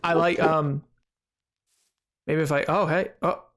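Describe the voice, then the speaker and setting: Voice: mid-range voice, fairly even intonation, takes it slowly, long pauses, fairly bright tone, faint music behind. A streamer giving playful, chatty live commentary to chat while playing a game, indoors at a desk microphone. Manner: playful, chatty, self-mocking.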